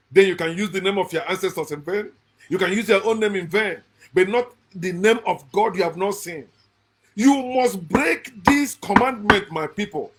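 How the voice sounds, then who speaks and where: A man's voice: high voice, expressive, a little slow. A man giving a blunt, preachy monologue, repeating phrases for emphasis. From Nigeria. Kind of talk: impassioned monologue.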